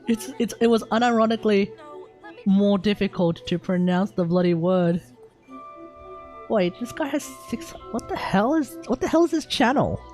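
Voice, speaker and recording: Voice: mid-range voice, animated, moderate pace, darkish tone, soft background music. A young adult with an Australian accent, chatting casually on a game live stream, rambling, swearing freely and restarting sentences.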